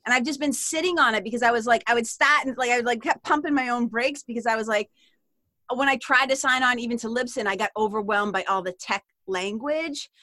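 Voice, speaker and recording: A woman with a Boston accent, chatting as a podcast guest in a lively, rambling way with frequent laughs. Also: a little high, brisk, no room sound. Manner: chatty and animated, given to tangents and laughter. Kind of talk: casual interview chat.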